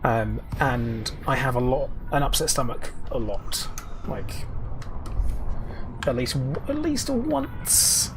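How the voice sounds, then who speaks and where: A man's voice: mid-range voice, steady tone, slow, noisy background. A man live-streaming a game, chatting casually in a rambling way and answering viewers' chat messages.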